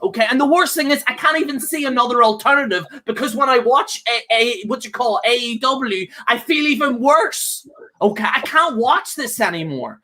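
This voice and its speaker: A man co-hosts a wrestling chat with a bright, forceful tone. He rants angrily and swears freely. He circles back on his own words and keeps checking in with "okay?". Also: very high voice, animated, moderate pace. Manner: angry, profane, repeats himself, keeps ending with "okay?". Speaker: co-host. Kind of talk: casual podcast rant.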